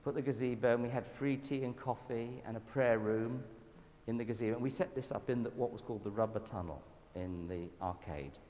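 A man with a Southern English accent giving a church talk, telling anecdotes in a lively, self-deprecating way. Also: medium pitch, a little fast. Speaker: guest speaker at a church event. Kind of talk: storytelling sermon talk. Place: church hall. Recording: reverberant hall with faint background noise.

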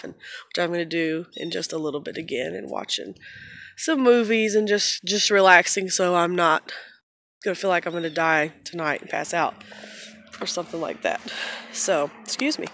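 A woman's voice: fairly low pitch, moderate pace, a bit bright. A tired woman vlogging casually at home on her phone, rambling and chatty, with frequent laughs. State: tired from little sleep. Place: at home and in the backyard. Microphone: phone camera.

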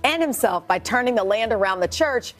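A woman's voice: on the high side, expressive, a little fast, soft background music. A woman co-hosting a morning talk show, introducing and interviewing a guest in an upbeat, chatty way. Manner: upbeat, chatty, laughs along. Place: television studio.

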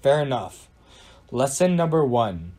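A man's voice: mid-range voice, sing-song, unhurried, darkish tone. A man voicing a wise wizard mentor who gives solemn, commanding instruction. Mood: stern. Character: ancient wise wizard mentor, stern and calm.

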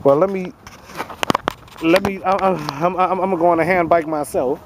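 A woman's voice: fairly low pitch, fairly even intonation, brisk, background noise. A woman vlogging outdoors on a handheld camera in casual chat, stammering and repeating words, groaning and laughing at herself as she strains at exercise equipment. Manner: self-mocking, groaning and calling for help while straining.

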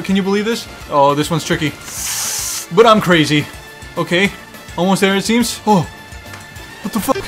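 Young man, high voice, very animated, let's play commentary, excitable, swearing. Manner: excitable, swearing, talks to the game. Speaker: gaming YouTuber.

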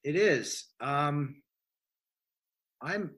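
A man's voice: fairly high pitch, lively intonation, drawn-out words, fairly bright tone. A man, a science writer, answering interview questions in a thoughtful, rambling way with frequent restarts.

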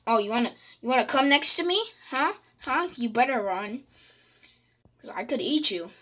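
Breathy woman chatting over a game. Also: on the high side, expressive, moderate pace, a bit bright. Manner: chatty, frequent whispers and sudden squeals of panic. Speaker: gaming channel host. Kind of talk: casual gameplay commentary.

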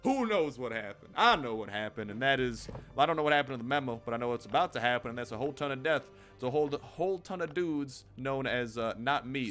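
A man's voice: mid-range voice, lively intonation, fast talker, hardly any pauses, fairly bright tone, faint music behind. A young man casually commenting on his own gameplay, goofy and chatty, joking and talking to the enemies as he plays. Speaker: gaming YouTuber.

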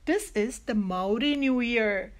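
A woman voicing a calm, loving mother in a children's story, speaking gently and patiently. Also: fairly high pitch, takes it slowly. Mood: gentle.

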